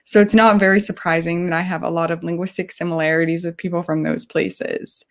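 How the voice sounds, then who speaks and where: A woman from New York giving a live online presentation, explaining in a chatty way with frequent pauses. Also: lowish voice, flat delivery. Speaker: guest presenter.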